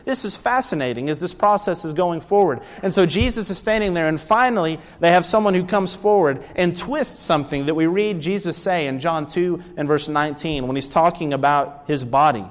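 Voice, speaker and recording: A man's voice: a little high, a little fast, hardly any pauses, big-room sound. A man preaching a sermon lesson, earnestly explaining scripture and asking rhetorical questions. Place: church.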